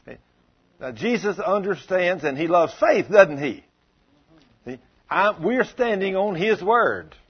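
Husky, animated male preacher. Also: high-pitched, takes it slowly. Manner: emphatic storytelling, folksy speech. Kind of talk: sermon. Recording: dull lo-fi sound.

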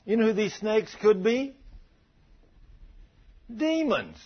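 A preacher with a husky, somewhat high voice. He talks straight to his congregation and acts out their prayers in an animated way. The recording is dull and lo-fi. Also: slow pace. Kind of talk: sermon.

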